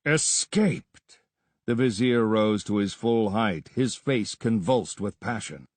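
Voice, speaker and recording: A man reading an adventure story aloud as narrator, in a steady, measured storytelling manner. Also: fairly low pitch, no room sound. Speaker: audiobook narrator. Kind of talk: scripted narration.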